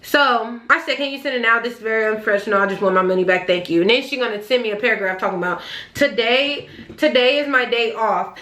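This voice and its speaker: Animated young woman telling a story. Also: a little high, quick pace. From California, Bay Area region. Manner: animated, swearing, exasperated retelling. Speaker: vlogger. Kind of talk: casual storytime. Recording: echoey room.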